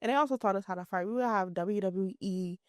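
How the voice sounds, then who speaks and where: Woman, thirties, casual chat, animated, acts out voices, dry close mic. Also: mid-range voice, quick pace, dry recording. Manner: animated storyteller, acts out quotes in lively voices. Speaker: podcast co-host.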